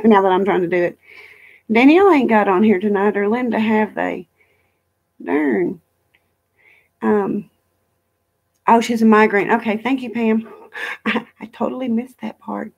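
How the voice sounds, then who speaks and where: A woman's voice: mid-range voice, vocal fry, dull audio. Rambling woman hosting a casual livestream. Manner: rambling, reads viewer comments aloud. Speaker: livestream host. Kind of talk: casual live-stream chat.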